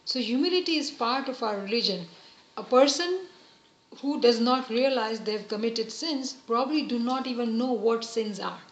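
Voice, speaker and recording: A woman giving an earnest, gentle religious lesson, explaining each point patiently. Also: on the high side, moderate pace. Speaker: religious teacher. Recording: roomy, slightly dull recording.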